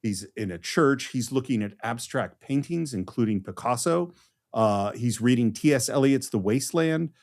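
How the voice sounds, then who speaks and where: A man's voice: mid-range voice, animated, moderate pace, a little mellow. A man co-hosting a podcast, explaining a film in a casual, enthusiastic way with frequent restarts. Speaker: podcast co-host.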